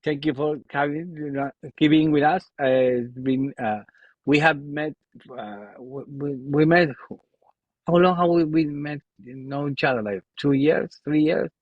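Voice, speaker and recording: Halting Argentine podcast host. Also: male voice, a little high, no room sound, phone-quality sound. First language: Spanish. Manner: halting, often restarting and searching for words. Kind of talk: casual podcast interview.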